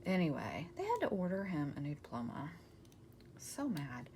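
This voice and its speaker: Lower-voiced woman rambling over crafts. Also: very animated, normal speed. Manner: rambling storyteller, drops to a soft near-whisper over her work. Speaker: craft vlogger. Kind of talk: casual chat while crafting. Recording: paper crinkling noise in the background.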